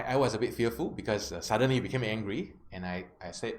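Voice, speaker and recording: A man's voice: on the low side, fast talker, few pauses. A man, a life coach telling a client story as a self-help lesson, often checking in with his listeners. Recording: roomy with faint background noise.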